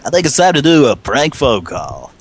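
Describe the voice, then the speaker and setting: A man co-hosting a comedic mock radio show, drawling and deadpan, often laughing at the jokes. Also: medium pitch, normal speed, breathy edge.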